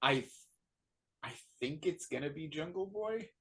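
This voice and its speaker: A man co-hosting a casual podcast, relaxed and teasing. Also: fairly high pitch, moderate pace. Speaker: podcast co-host.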